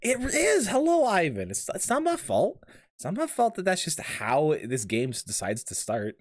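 A man streaming a game live, chatting with viewers in a rambling, jokey, animated way. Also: high voice, moderate pace, no room sound, clean studio sound. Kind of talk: live gameplay commentary.

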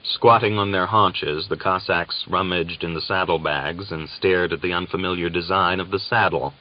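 Deep voiced guy reading a novel, measured and dramatic, kinda muffled old recording. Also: fairly even intonation. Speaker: audiobook narrator. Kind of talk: scripted audiobook narration.

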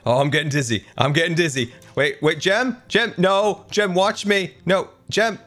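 A man's voice: sits high, normal speed, a bit bright. A man giving casual, playful commentary over his game footage, giggling often and reading things out with theatrical flair. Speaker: Minecraft let's-play host.

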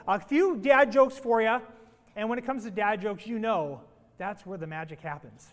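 A man's voice: high-pitched, normal speed. A man preaching to his congregation, telling playful jokes before his sermon. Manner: playful, animated joke-telling. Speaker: pastor. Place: church sanctuary. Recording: long reverb of a church hall.

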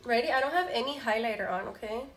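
A young woman vlogger, a bit sick, gushing excitedly to viewers as she unboxes a gift at home on her camera mic. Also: on the high side, fast talker. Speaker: beauty vlogger. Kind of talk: unboxing first impressions. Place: room at home with a window. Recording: echoey room, faint background music.

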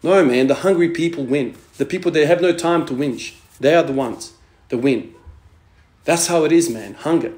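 A man's voice: on the high side, normal speed, darkish tone. A man in his thirties giving a blunt, profane motivational monologue as a strength training vlogger, hammering points home with "man". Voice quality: profane, emphatic, repeats "man". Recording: echoey room.

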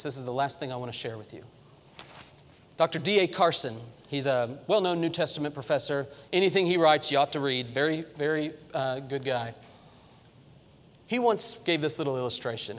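A man preaching a sermon in a church sanctuary, earnest and emphatic, slowing down and repeating lines for weight. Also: mid-range voice. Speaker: pastor. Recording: long church reverb.

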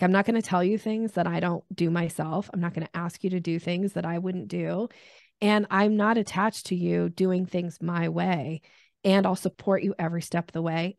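A middle-aged woman talks sales in a relaxed interview, her voice carrying a slight fry. She animates her points with quick acted-out voices. The sound is close and dry, with no room around it. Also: fairly low pitch, dry recording. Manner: animated, acts out voices in examples. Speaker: sales expert guest. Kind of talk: casual interview chat.

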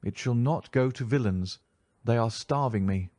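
A man's voice: medium pitch, normal speed, darkish tone, no room sound, close to an everyday voice. A starved Greek prisoner who answers in short, defiant bursts, as a male narrator puts him on. His voice sits a little above the reader's own, and the recording is dry and close. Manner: curt, defiant replies.

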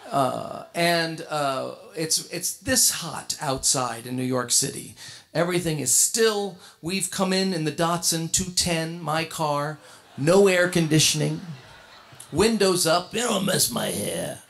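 High, gravelly man telling a comic anecdote. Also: slow pace. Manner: animated, comic storyteller with frequent laughs and restarts. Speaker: jazz guitarist and singer telling a story on stage. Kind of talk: anecdotal storytelling at a tribute concert. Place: concert stage before an audience.

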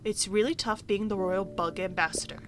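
A woman voicing a small, timid male bug ambassador who speaks softly and kindly, almost whispering at times, while reading game dialogue aloud. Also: medium pitch, steady tone, brisk, natural voice. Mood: confiding.

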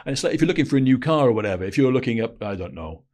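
A Welsh former intelligence operative, appearing as a podcast guest, tells blunt, slangy anecdotes in a casual interview with frequent restarts. His mid-range voice is animated and darkish, racing along.

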